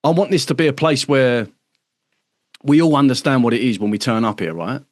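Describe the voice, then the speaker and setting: In a dry recording, a man from the United Kingdom chats casually to members during a livestreamed online workshop he hosts. His mid-range voice is fairly quick and a little mellow; he swears a lot, stresses his points, tosses in tags like "right?", and mimics other people's voices as he goes.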